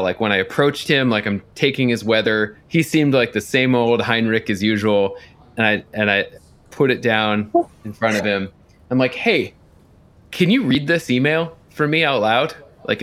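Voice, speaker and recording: A man from the United States telling a workplace story casually, acting out both sides of the conversation with lively, rising pitch. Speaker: storyteller guest.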